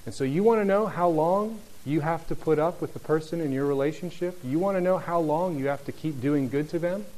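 A man preaching a sermon, reading scripture and acting out the speakers, then growing soft and low at the end. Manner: animated, acts out voices in quotes, drops soft and low near the end. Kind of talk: sermon, Bible teaching.

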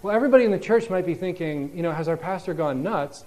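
A man's voice: high-pitched, lively intonation, fast talker, darkish tone. A man preaching a sermon in a conversational, explanatory way, often restarting his sentences.

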